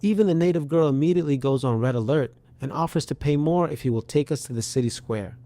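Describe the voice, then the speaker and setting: A man narrating a scripted story with a steady, even storytelling delivery. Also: fairly high pitch, fast, dry recording.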